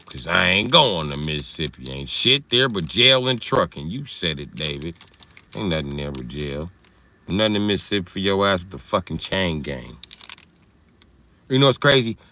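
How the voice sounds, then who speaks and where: A man's voice: lowish voice, pushed and bright. A man hosting a livestream, riffing through a loose, profane comedic rant and answering chat. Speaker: livestream host.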